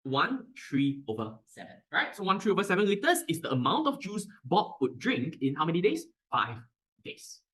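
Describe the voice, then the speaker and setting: A man's voice: sits high, wildly swooping pitch, normal speed, a bit bright, low-quality recording. A male math tutor with a Singaporean English accent who teaches animatedly and keeps asking if the class understands.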